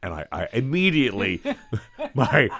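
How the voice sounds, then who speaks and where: An older man from New York who hosts a show as an eye doctor, telling lively stories in casual chat and acting out the voices of the people in them. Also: mid-range voice, a little slow, vocal fry. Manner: animated storyteller, acts out voices. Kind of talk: storytelling chat.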